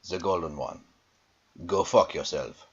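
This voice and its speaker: An ominous pitched-down sign-off voice, menacing and very deep, lo-fi audio. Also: male voice, a little slow, slight background noise. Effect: pitched-down voice filter.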